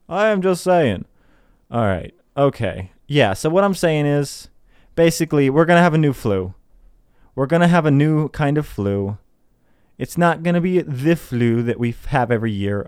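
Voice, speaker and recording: Here the young host's voice is a little high, with a darkish yet clean tone, recorded dry in clean studio sound. He rants casually on his podcast, exasperated, swearing and poking fun at the people he argues against.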